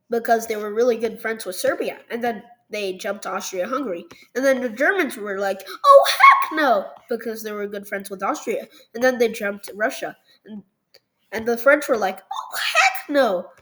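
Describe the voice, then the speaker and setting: A woman's voice: fairly high pitch, a bit bright, poor audio. A woman narrating a history map video at her computer in a loose, jokey way, full of ums and "they were like". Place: at a computer, recording over a screen.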